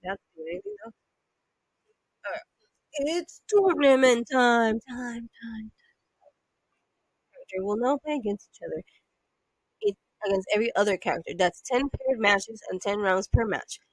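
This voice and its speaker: A woman's voice: medium pitch, lively intonation, moderate pace, long pauses, no echo, low-quality recording. A playful woman chatting her way through a video game, reading screens aloud and breaking into little hums. Her voice sits in the middle, recorded close on a mic with a dry, dead sound. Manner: playful, chatty, sings to herself. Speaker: gamer. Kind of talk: let's play commentary.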